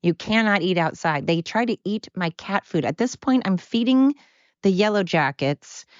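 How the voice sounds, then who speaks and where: A woman's voice: mid-range voice, lively intonation, moderate pace, dry recording, muffled recording. An older woman hosting a casual solo podcast from home, rambling in a chatty, self-talking way. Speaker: podcast host. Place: at home, dog panting nearby.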